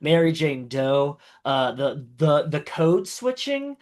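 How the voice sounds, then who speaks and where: A man's voice: a little high, very animated, slow. A man chatting casually as a tabletop game player, rambling through compliments with lots of fillers and restarts. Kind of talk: casual post-game feedback chat.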